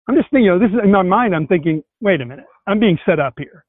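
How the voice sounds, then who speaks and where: A high-voiced man hosts an enthusiastic, animated casual conversation, telling stories very fast over a video call. The call audio is tinny and dry, with no room sound.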